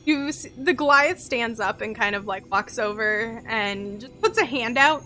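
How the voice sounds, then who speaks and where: A woman's voice: fairly high pitch, a little slow, bright, forceful tone, faint music behind. A woman narrating as game master of a tabletop game, rambling with many fillers. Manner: rambling, full of likes and ums.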